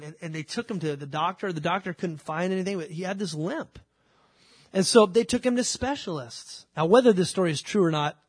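A man's voice: high-pitched, dry recording, clean studio sound. A man preaching a sermon, telling stories and acting out biblical dialogue. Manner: storytelling, acts out biblical dialogue. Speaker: pastor.

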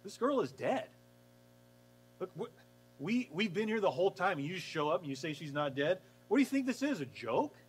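A man's voice: high-pitched, sing-song, normal speed, slightly rough, faint music behind, voice pushed up, heavily acted, low-quality recording. A man doing scoffing, incredulous mourners. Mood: mocking. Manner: incredulous, mocking.

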